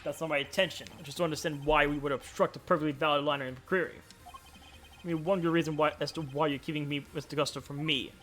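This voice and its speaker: A man voicing a composed male prosecutor, reasoning through the case in a measured way while reading game dialogue aloud. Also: fairly high pitch, steady tone, fairly bright tone, a little hiss or hum, lightly acted.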